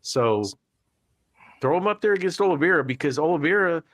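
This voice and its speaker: A man's voice: on the high side, lively intonation, fairly quick, a bit bright, no echo. A man talking on a casual podcast panel, hedging often and filling gaps with "you know.". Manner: hesitant, many "you know" fillers. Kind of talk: casual sports chat.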